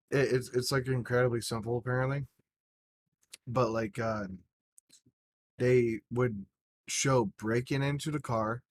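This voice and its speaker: A man's voice: mid-range voice, a little hiss or hum. A man co-hosting a casual podcast, telling rambling stories and swearing freely. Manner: profane, rambling storyteller. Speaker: podcast co-host.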